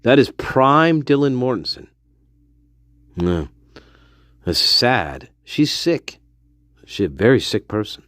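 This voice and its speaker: A man's voice: mid-range voice, very animated, slow pace, pauses often, fairly bright tone, no room sound, clean studio sound. A man hosting a stream, giving heated commentary in a blunt, profane way and laughing often. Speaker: livestream host.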